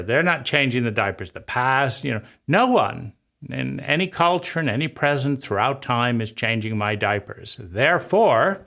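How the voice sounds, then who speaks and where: Male host, bright mid-pitched voice, reflective monologue, repetitive and emphatic, prone to halting restarts. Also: vocal fry. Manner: repetitive, emphatic phrasing, speaking as a child's inner voice. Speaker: channel host. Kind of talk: reflective personal-growth monologue.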